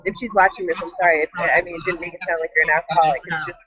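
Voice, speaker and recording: A co-host in a casual video-call chat, agreeable and quick to chime in. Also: mid-range voice, fairly even intonation, dull audio. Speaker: livecast co-host. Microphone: webcam video call.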